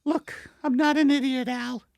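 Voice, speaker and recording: A man voicing Margaret, a fussy, scolding middle-aged wife, in a high falsetto in an improvised comedy sketch. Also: steady tone, measured pace, vocal fry, dry recording, full character voice. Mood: bickering. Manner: shrill, scolding falsetto, bursts into shouting. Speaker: comedy podcast co-host.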